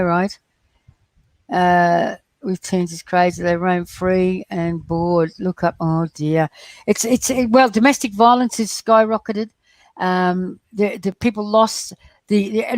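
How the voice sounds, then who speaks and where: A middle-aged woman hosts a casual live stream, rambling from one thought to the next. Her voice sits at an ordinary middle pitch. The sound is close and dry, with no room echo. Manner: rambling, excitable, talks straight to her viewers. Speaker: livestream host reading viewer chat.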